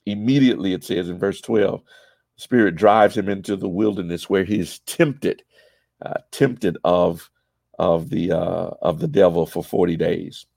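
Slow, gravelly man teaching Bible study. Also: sits low, darkish tone, dry recording. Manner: halting, with many fillers and repeated words.

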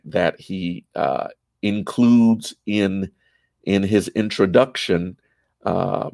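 A low-voiced man leads a church Bible study, his words slow and unhurried. His voice has a gravelly fry, and he speaks haltingly, often restarting with fillers and repeated words. The sound is dry and close. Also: a little mellow, dry recording.

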